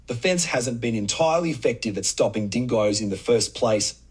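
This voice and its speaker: A computer-generated man's voice with an Australian accent, reading an explainer script in a steady, measured way. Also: medium pitch, slightly rough. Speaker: text-to-speech narrator. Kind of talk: read-out explainer narration.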